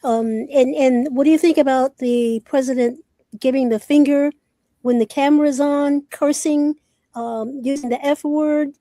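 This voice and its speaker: Woman, high pitch, mellow tone, dry sound, talk show host, blunt questions. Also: fairly even intonation, measured pace, dry recording. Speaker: host and producer. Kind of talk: interview host.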